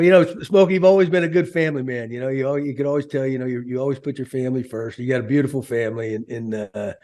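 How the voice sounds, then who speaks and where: A man hosting a casual sports chat show, talking in a folksy, rambling way full of fillers. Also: medium pitch. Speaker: show host.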